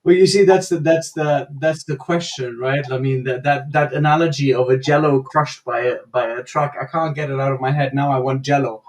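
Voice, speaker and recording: Relaxed male co-host, video call, chatty and hesitant, laughs easily. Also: mid-range voice, brisk, hardly any pauses. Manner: easygoing, laughs easily, many fillers and restarts. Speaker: co-host and coach. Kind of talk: casual panel discussion.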